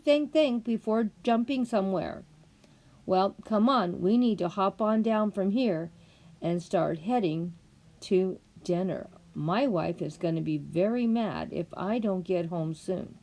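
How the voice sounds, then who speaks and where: A woman voicing a fussy, hurried male white rabbit who scolds and frets about being late. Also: mid-range voice, a little mellow. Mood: scolding.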